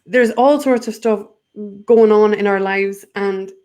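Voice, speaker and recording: A woman's voice: mid-range voice, steady tone, measured pace, darkish tone, smooth. A woman, a guest in a casual spiritual chat, who rambles, restarts and repeats her words.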